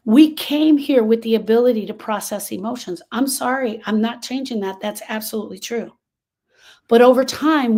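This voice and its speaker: A woman in her sixties, a grief coach, teaching a group in a lively, conversational storytelling way. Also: a little high.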